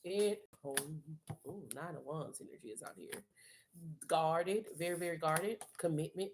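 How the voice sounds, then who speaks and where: A woman's voice: deep voice, measured pace, background noise. A woman reading tarot on a live stream, coaching the viewer in an emphatic, streetwise, profane way and repeating phrases for emphasis. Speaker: tarot reader.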